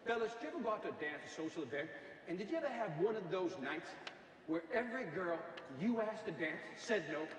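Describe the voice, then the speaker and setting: A man giving a comic motivational speech to a live audience, animated, shouting his punchlines and mimicking people. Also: high voice, fast talker, far from the mic. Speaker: motivational speaker. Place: large hall with live audience. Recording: echoey hall, from afar, crowd.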